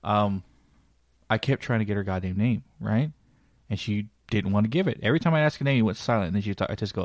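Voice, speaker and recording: Man, podcast host, lowish voice, casual and blunt, swears, asks questions, dry close sound. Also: a little fast, dry recording.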